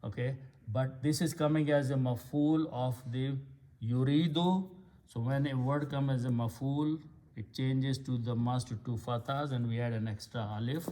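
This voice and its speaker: A man's voice: medium pitch, steady tone, normal speed, warm tone. A man giving a patient, step-by-step lecture on Arabic grammar and vocabulary. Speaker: Quran Arabic teacher. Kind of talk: slow explanatory lecture.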